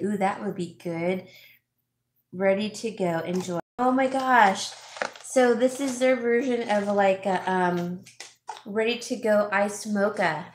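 Gushing woman vlogger, slow chatty talk. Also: mid-range voice. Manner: chatty, gushing, reads viewer names aloud. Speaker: vlog host, home stager. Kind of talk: casual live-chat haul vlog. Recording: roomy echo, faint background noise.

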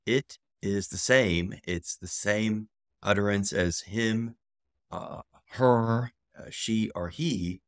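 A man teaching a casual video lesson, slowly repeating each word several times with relaxed fillers. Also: lowish voice, dry recording, clean studio sound. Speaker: language teacher.

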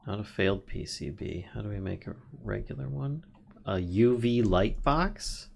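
Man, low voice, gravelly, casual gaming stream chat, thinks aloud, reads recipes, laughs often. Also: expressive, moderate pace. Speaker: streamer, co-host.

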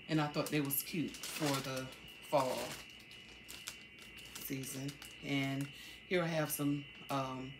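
A middle-aged woman talking casually at home in a haul vlog, chatty and halting, with many ums. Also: low voice, background noise. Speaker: vlogger.

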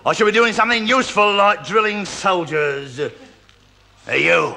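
A man's voice: sits high, normal speed, gravelly, bright, forceful tone, full character voice. An actor playing a bullying drill sergeant, barking orders and mocking his recruits in a 1970s studio sitcom. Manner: jeering, barking orders, laughs at own jokes. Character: bullying male army drill sergeant who mocks recruits. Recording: hissy old TV sitcom audio with studio audience laughter.

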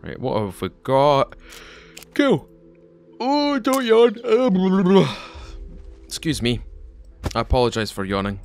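A man's voice: on the high side, huge pitch swings, slow, pauses often, darkish tone, faint music behind. A man hosting a let's play, chatting and joking as he plays and talking back to the enemies on screen. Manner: chatty, jokey, talks to game enemies. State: tired. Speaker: gaming channel host.

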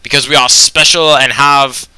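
A man's voice: medium pitch, steady tone, moderate pace, sharp tone. A young man giving casual let's-play commentary on a video game, rambling along with lots of ums and anyways.

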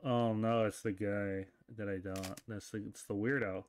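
In a let's play, a man reads the game's dialogue aloud and throws in jokes and an occasional swear between lines. His voice is lowish, with fairly even intonation and a normal speed, and faint game music plays underneath this casual gaming commentary.

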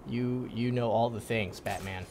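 A man's voice: mid-range voice, fairly even intonation, a little slow, darkish tone, faint music behind. A young man giving casual, joking commentary while playing a video game, swearing often and taunting the enemies on screen. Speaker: gaming video host.

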